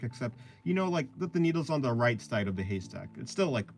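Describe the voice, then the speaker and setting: A young man streaming his drawing, chatting casually with his viewers in a rambling, hesitant way full of fillers and soft laughs. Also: medium pitch, very animated, brisk, faint music behind. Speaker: art streamer. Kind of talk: casual chat answering a live chat.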